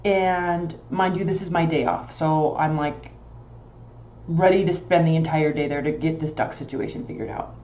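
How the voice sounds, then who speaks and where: A woman casually telling a long personal story, emotional and animated, with many fillers. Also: fairly low pitch, roomy sound, a little hiss or hum. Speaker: tarot channel host.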